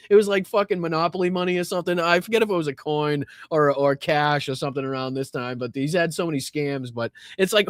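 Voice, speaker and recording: A high-voiced man hosts a political livestream from a home studio. He talks in a sarcastic, scornful way, swearing and laughing often, and his voice sits dry and close to the mic. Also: a little fast, fairly bright tone, no echo. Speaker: political commentary host. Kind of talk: profane livestream commentary.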